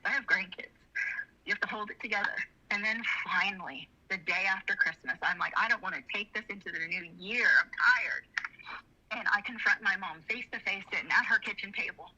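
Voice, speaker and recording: As an interview guest, a middle-aged woman shares candid personal stories in a bright, husky, medium-pitched voice. She comes across earnest and emotional and tends to ramble, heard through slightly muffled video audio.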